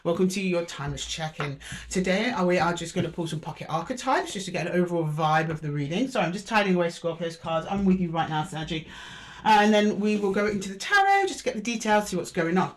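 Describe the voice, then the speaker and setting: A woman's voice: on the low side, animated, fast. A woman giving an intuitive tarot reading, chatty and musing aloud as she speaks fondly to her listeners. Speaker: tarot reader.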